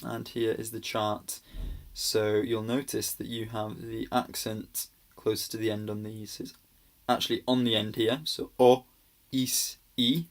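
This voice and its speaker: A man with a fairly low voice walks through a grammar lesson at an unhurried pace. He explains patiently and reassuringly, pausing often on ums and restarting his sentences. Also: completely flat delivery. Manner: hesitant, many ums and restarts. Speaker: language teacher. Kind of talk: casual slide-based grammar lesson.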